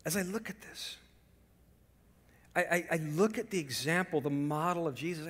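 A man preaching a sermon as pastor, swinging from loud emphasis to hushed whispers and telling lively stories with rhetorical questions. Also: a little high, moderate pace, long pauses, husky, big-room sound. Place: church sanctuary.

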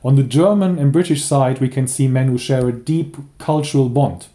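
Mellow-voiced man explaining carefully. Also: medium pitch, moderate pace. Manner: careful, hesitant with fillers. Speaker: historian interviewee. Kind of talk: documentary interview.

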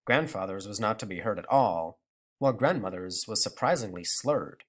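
A man reads a novel aloud in an expressive storytelling manner. His pitch rises and falls in lively swings, and it sounds like a plain home audiobook recording. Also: moderate pace. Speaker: narrator. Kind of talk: audiobook reading.

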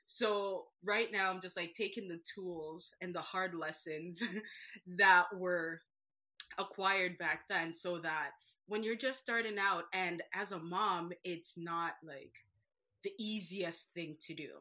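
A Jamaican business owner in her thirties appears as a guest in a casual interview, lively and quick to laugh. Her voice is lowish and her pace slow.

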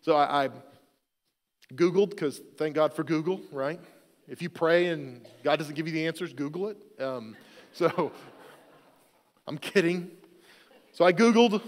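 A fairly high-voiced man preaches from the pulpit in a church, spinning a homey story with easy self-deprecating jokes. His voice rings out with a long echo through the large sanctuary. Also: a little slow, pauses often. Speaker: pastor. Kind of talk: sermon.

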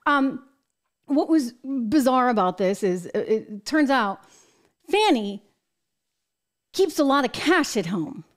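A woman's voice: a little high, takes it slowly, long pauses. Emphatic American woman hosting commentary. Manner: emphatic, animated, exasperated asides. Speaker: show host. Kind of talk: political commentary.

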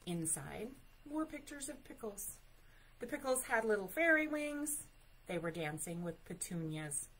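A woman working as a librarian, reading a picture book aloud at story time in an expressive, unhurried way, adding chatty asides. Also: medium pitch, slight background noise, rough recording.

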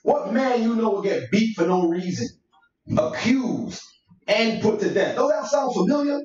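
Male elder teacher, high voice, slangy emphatic preaching, dull distant echoey recording. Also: very animated, a little slow, a little mellow. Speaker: church elder leading Bible study. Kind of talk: sermon-style Bible teaching. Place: church meeting room. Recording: echoey room, distant mic, dull sound.

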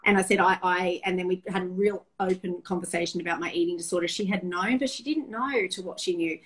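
A woman's voice: fairly low pitch, fast, rough recording. A middle-aged woman, a guest sharing personal stories candidly and emotionally, often restarting her sentences. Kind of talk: open personal storytelling.

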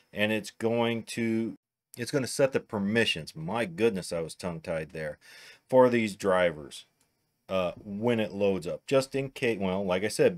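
A man with a Midwestern American accent, casually talking through each step of a computer tutorial as he works. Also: on the low side. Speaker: tech tutorial host. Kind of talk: narrated screen-recording tutorial.

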